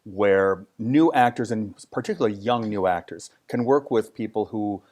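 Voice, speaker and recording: Lowish-voiced middle-aged man telling a story. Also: normal speed, a little mellow. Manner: storytelling, thoughtful with small restarts. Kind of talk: casual interview.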